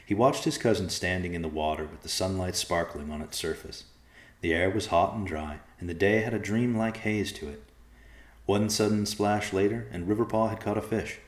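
A man narrates a storybook in a calm, even way. His voice is very low, and the echoey room around him is easy to hear. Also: normal speed.

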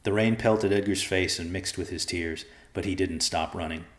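A man narrating a dramatic story in a measured, grave manner. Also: deep voice, fairly even intonation. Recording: echoey room.

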